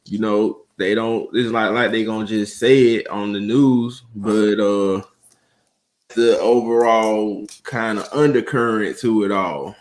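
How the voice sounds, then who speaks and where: A man from Atlanta, a guest on a livestream, speaking slowly and thoughtfully with many pauses and fillers. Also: fairly low pitch, fairly even intonation. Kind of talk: casual livestream chat.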